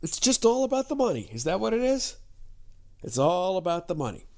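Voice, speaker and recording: A man's voice: high-pitched, big pitch swings, a little fast, darkish tone. A man co-hosting a casual podcast chat, sarcastic and grumbling in manner. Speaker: podcast co-host.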